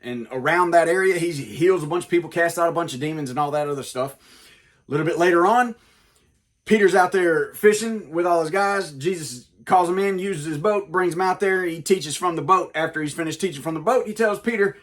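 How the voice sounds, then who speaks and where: A man's voice: fairly high pitch, a little fast. A man hosting a comedic Bible lesson, telling the story in a jokey, casual, wisecracking way. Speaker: comedic preacher, host.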